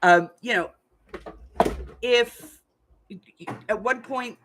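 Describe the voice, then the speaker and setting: A woman's voice: on the high side, drawn-out words, noisy background. An older woman, a craft channel host, chatting frankly and laughing as she tells family stories. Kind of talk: casual storytelling chat.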